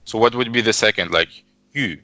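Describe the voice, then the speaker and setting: Low smooth bright voice, guy learning tones slow and unsure, dry sound. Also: dry recording. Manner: hesitant, repeats sounds, many fillers. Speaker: student. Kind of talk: learner practicing pronunciation.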